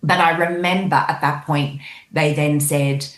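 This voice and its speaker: A woman with a low-pitched voice tells a dream as a guest. She narrates it in a lively way and acts out what people said. The room adds a noticeable echo. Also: measured pace. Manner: lively storytelling, acting out the people in her dream. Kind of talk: recounting a dream in conversation. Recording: echoey room.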